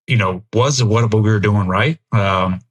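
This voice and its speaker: A man's voice: on the low side, moderate pace, muffled recording. A middle-aged American man and military veteran, a podcast guest talking candidly and reflectively in an interview. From United States. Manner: earnest, reflective, thinks aloud.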